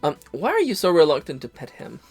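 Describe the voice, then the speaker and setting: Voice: medium pitch, wildly swooping pitch, fast, darkish tone, soft background music. A let's-play host reading game dialogue aloud and jumping between character voices.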